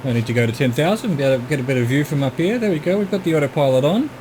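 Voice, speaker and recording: A man's voice: medium pitch, animated, rapid-fire, noisy background. A middle-aged Australian man giving gameplay commentary as a streamer, musing and talking himself through what he is doing at home.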